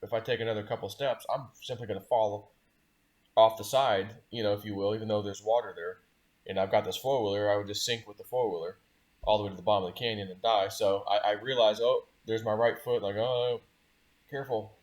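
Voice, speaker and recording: A man's voice: lowish voice, steady tone, fairly quick, darkish tone. A man telling his viewers about a dream in a casual, rambling way, restarting phrases and chuckling at himself. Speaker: dream-sharing video host. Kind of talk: casual storytelling to camera.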